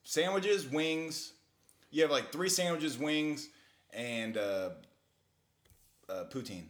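A man's voice: fairly high pitch, takes it slowly. A man co-hosting a casual chat, crude and joking, telling stories with lots of put-on voices. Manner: crude, joking, animated storytelling.

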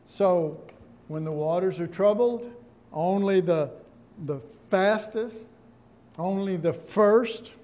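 A man teaching a Bible study, musing aloud with halting restarts as he works through scripture verse by verse. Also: sits high, warm tone.

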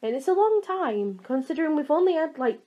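A woman's voice: sits high, big pitch swings, warm tone. A young woman with a Yorkshire accent talks casually as a podcast co-host. She teases her friend, keeps the talk moving and often jumps in mid-sentence. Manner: teasing, talkative, quick to interrupt. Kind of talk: casual chat.

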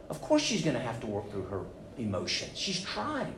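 Animated pastor, roomy church echo. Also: male voice, mid-range voice, normal speed, hardly any pauses, a little hiss or hum. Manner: animated, acts out quoted voices. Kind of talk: sermon. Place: church sanctuary.

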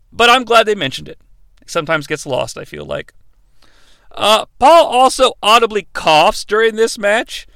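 A man's voice: sits high, bright, forceful tone, clear, resonant tone, no room sound. A man hosting a podcast, recapping in a casual, sarcastic, joking way with swearing asides. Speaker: podcast host. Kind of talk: casual wrestling recap narration.

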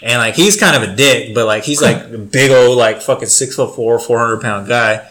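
A man's voice: medium pitch, moderate pace, a bit bright. A young man telling a rambling, profane story in casual chat, full of filler words.

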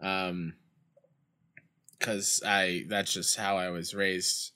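A man's voice: low voice, flat delivery, very slow, bright, forceful tone, clean tone. A young man streaming a baseball video game, chatting casually with his chat and telling stories, with outbursts when plays go wrong. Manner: reads chat aloud and tells rambling school stories.

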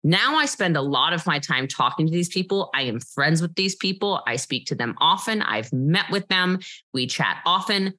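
A woman guest in an interview, telling her personal story in an emphatic, animated way. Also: low voice, moderate pace. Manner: emphatic and animated, with frequent rhetorical "okay?" asides.

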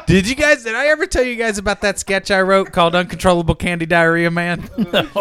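A man hosting a casual comedy podcast, animated and profane, laughing often as he tells stories. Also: sits high, fairly quick, smooth, dry recording.

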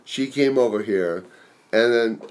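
A man co-hosting a casual chat, speaking hesitantly with many restarts. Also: mid-range voice. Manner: halting, hesitant. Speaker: podcast co-host.

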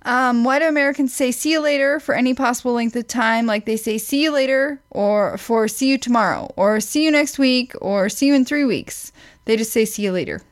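A woman's voice: on the high side, fairly quick. Teasing, dry-witted woman reading questions. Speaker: podcast co-host. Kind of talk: casual chat, reading questions from a list.

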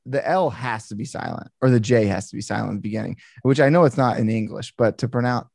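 A man co-hosting a casual podcast, telling a story with animated, exasperated swearing. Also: medium pitch, quick pace, creaky, no room sound, studio quality. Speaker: podcast co-host. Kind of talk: casual chat.

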